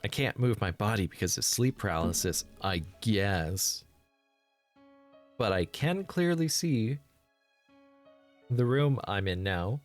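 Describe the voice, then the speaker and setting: A man's voice: lively intonation, slow pace, long pauses, faint music behind. A man reading as a terrified bound schoolgirl. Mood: scared. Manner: reads the inner monologue aloud, pitching up when panicked. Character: frightened bound schoolgirl, teenage, helpless. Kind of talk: let's play voice reading.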